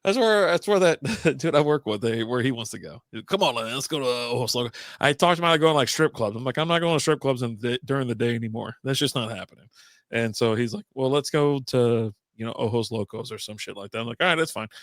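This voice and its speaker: A man's voice: medium pitch, quick pace, a bit bright, no echo, studio quality. A man co-hosting a podcast, bantering loosely over beers, laughing often and swearing freely. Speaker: podcast co-host. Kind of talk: casual chat over beers.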